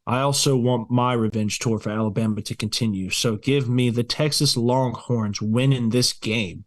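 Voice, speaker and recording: A man co-hosting a casual sports podcast, with a voice of middling pitch. He talks brashly and confidently and ribs his co-host as he makes bold predictions. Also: steady tone, normal speed, few pauses.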